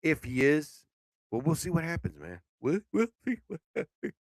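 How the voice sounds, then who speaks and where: A man hosting a casual live stream show, sleepy and yawning, rambling with loud outbursts and swearing. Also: fairly high pitch, wildly swooping pitch, moderate pace, no room sound.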